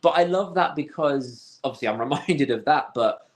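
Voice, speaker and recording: A man's voice: mid-range voice, expressive, normal speed. A man co-hosting a casual film podcast, rambling with many restarts and a dry sense of humour. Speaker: podcast co-host.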